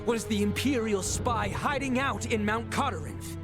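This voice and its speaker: An actor voicing a loyal young knight who speaks in a formal, courtly way. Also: male voice, sits high, normal speed, music in the background, close to an everyday voice. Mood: earnest. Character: loyal young male knight, earnest and protective.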